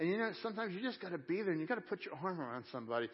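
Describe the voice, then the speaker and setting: A man preaching a conversational sermon at a church service, shifting between hushed, slow moments and excited, quicker bursts. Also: high voice, lo-fi sound. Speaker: pastor.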